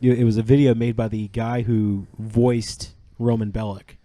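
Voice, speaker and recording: A man's voice: on the low side, level tone, normal speed, mellow, no echo. A man co-hosting a casual gaming podcast, telling a joking story with fillers. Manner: joking, anecdotal. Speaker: podcast co-host.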